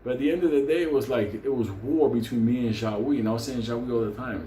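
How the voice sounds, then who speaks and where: Speaking fast in a warm, mid-range voice, a middle-aged man rambles through a crude story, cursing nonstop and frequently laughing. The casual, profane telling is captured with roomy echo and a faint hum.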